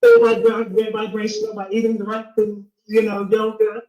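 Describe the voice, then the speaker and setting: A woman's voice: medium pitch, completely flat delivery, a little fast, reverberant, dull audio. A woman calling in to a show while out walking, slightly out of breath, speaking earnestly about her own life. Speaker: caller.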